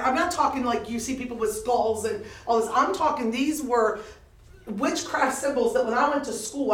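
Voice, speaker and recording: An older woman preaching a sermon, telling lively stories with laughter in a preaching cadence. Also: a little high. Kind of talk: sermon with storytelling. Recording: echoey room picked up from a distance.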